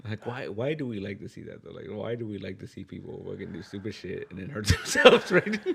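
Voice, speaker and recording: A man's voice: fairly low pitch, lively intonation, fairly quick, creaky, a bit bright, slightly rough. A man co-hosting a podcast, chatting loosely, laughing often and swearing casually. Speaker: podcast co-host. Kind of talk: casual chat.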